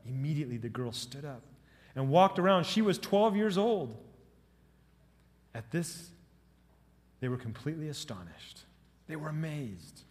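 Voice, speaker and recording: A male pastor preaching a sermon. He is animated and swings from loud to soft, with jokes for the congregation. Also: medium pitch, normal speed, big-room sound.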